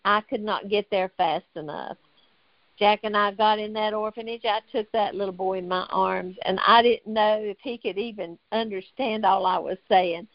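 A woman's voice: mid-range voice, dry recording, lo-fi sound. An older woman from North Carolina tells an emotional faith story as a guest on a talk show. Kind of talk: testimony in a faith talk interview.

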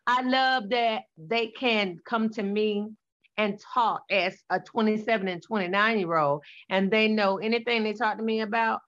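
A woman's voice: mid-range voice, steady tone, moderate pace, a bit bright, highs cut off. A woman in her forties, a guest in a casual conversation, telling blunt, colloquial stories about her sons. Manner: sassy, blunt storyteller, colloquial.

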